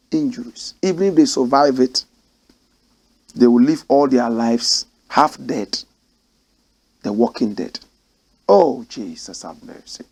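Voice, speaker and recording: A man's voice: on the high side, a little mellow. A man who hosts a commentary show, reading news reports aloud and breaking into emotional, ranting remarks. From Ghana. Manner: emotional, rants and exclaims between read passages.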